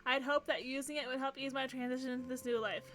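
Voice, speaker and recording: High, bright-voiced gushing woman streamer. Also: quick pace. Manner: gushing, excitable reactions between narration read aloud. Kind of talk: playing a game on stream. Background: faint game music.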